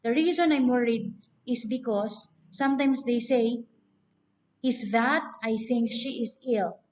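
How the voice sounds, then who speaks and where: A woman's voice: on the high side, unhurried, darkish tone. A woman giving a grammar lecture, explaining step by step and reading example sentences aloud. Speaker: teacher. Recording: dull lo-fi recording.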